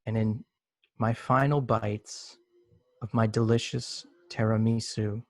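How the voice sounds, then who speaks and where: Deadpan man telling a comic story. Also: on the low side, slow, dry recording. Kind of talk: comedic storytelling on a video call. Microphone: video call.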